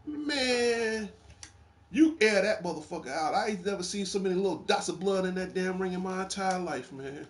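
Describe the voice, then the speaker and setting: There's a little hiss or hum under this high-voiced man speaking at a moderate pace. As host of a casual gaming chat, he tells wrestling game stories with animation, lots of laughter and plenty of swearing.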